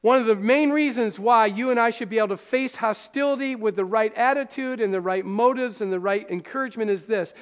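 A male pastor with a high-sitting, clear, resonant voice preaches a sermon in a conversational, animated way. He tosses quick asides to the congregation, and the recording carries a long hall reverb.

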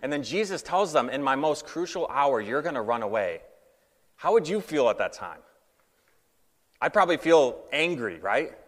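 A man's voice: on the high side, sing-song, moderate pace, fairly bright tone, big-room sound. A man preaching a casual sermon in a conversational way, with many fillers, acting out the quotes he tells.

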